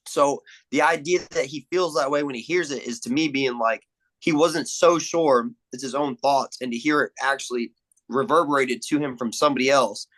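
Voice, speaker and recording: A man's voice: medium pitch, rough recording. A young man as a podcast guest, chatting casually and retelling movie scenes with lots of swearing. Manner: animated storyteller, acts out quotes, swears a lot. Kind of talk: casual chat.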